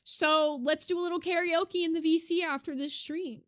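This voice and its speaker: A young woman chats casually on her live stream and reads out comments, her voice high and bright. She gets excitable and swears casually, and the sound is close and dry with no room echo. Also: normal speed. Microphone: desk mic.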